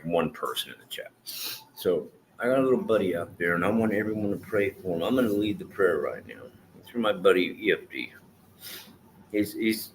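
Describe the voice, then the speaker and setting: Casual livestreamer, middle-aged man, lowish voice, rambling and cussing, faint hiss in a roomy space. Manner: rambling, swears casually, shifts into loud scolding and prayer. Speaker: vlogger livestreaming with his dogs.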